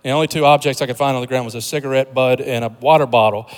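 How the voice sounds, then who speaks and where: A pastor delivers a sermon in a chatty, funny style, working up to forceful points. His mid-range voice holds a steady tone while the words come out rapid-fire. A long hall reverb trails behind him.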